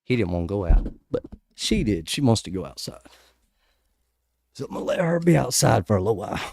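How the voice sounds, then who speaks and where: A man with a mellow, warm tone reads scripture aloud and adds his own commentary in a loose livestream style. His pitch rises and falls in a lively way, and he keeps breaking off to chat and laugh at his own distractions. The sound is close and dry. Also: brisk, gravelly, dry recording. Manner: chatty, easily distracted, laughs at himself. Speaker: host reading scripture to a live chat. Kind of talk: casual livestream Bible reading with commentary.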